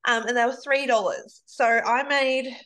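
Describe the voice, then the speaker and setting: A woman's voice: on the high side, fairly even intonation, a little slow, a bit bright. A woman presenting an online cooking demo, bubbly and rambling.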